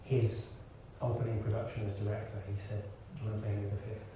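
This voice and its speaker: A lowish, fast voice belongs to this Birmingham, England actor and director, an interview guest telling animated stories to an audience from the stage of a large hall, with frequent restarts and laughter. The recording is muffled, distant and echoey, with background hiss.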